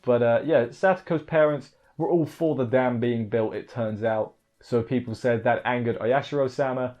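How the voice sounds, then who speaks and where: A man's voice: mid-range voice, normal speed, darkish tone. Rambling man reviewing an episode, lo-fi. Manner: rambling, off-the-cuff, self-correcting. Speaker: anime reviewer. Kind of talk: casual spoken review.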